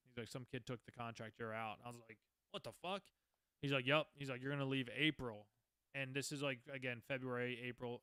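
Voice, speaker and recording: A man's voice: mid-range voice, fairly bright tone, smooth, dry recording. A man in his twenties hosting a podcast, telling his own story in a rambling, candid, profane way. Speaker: podcast host. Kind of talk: casual storytelling.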